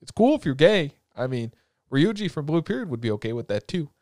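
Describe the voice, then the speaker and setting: A young man hosting a casual chat, recapping a story in an animated, rambling, crude and joking way. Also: a little high, a little fast, no room sound, studio quality.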